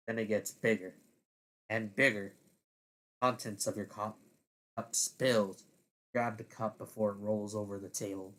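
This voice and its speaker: A man narrating a second-person audio story in a deliberate way, now and then laughing at his own slips. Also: fairly low pitch.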